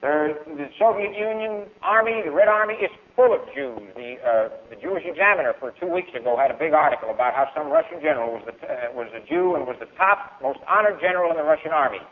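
A man giving a public speech and answering questions, declamatory and emphatic, swinging from loud to low. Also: animated, fast, few pauses. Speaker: speaker. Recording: tinny lo-fi archival recording.

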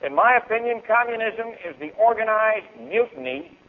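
A man speaks to a lecture hall in a declamatory, emphatic way, his voice pitched a little high. He swings between loud outbursts and low, pressing asides. The old recording is thin and tinny, as if heard down a phone line. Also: expressive, moderate pace, vocal fry. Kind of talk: public speech and Q&A.

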